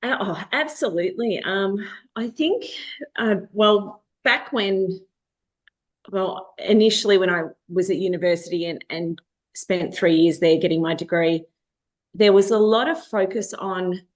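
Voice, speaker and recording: A woman's voice: mid-range voice, unhurried. A woman in her forties, a marketing director being interviewed, talking casually with frequent laughs and fillers. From Australia. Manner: laughs often, chatty with fillers. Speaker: marketing agency director, guest.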